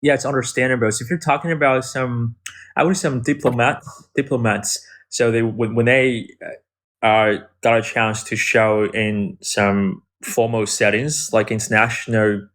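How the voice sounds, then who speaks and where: A man's voice: medium pitch, fairly even intonation, normal speed, fairly bright tone. A man from China chatting casually in English on a livestream, talking in a hesitant way with frequent restarts and fillers. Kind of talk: casual English practice chat.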